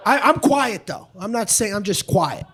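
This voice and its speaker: A man doing a stand-up comedy set on a club stage, loud and profane, acting out both sides of arguments. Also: high-pitched, expressive, moderate pace, slightly rough. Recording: live club recording with audience noise.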